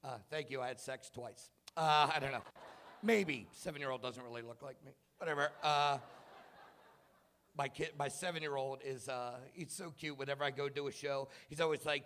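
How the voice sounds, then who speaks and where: A man in his thirties doing a stand-up comedy set in a club, telling self-mocking stories about his kids and bursting into shouted punchlines. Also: mid-range voice, brisk, a little hiss or hum. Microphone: handheld stage mic.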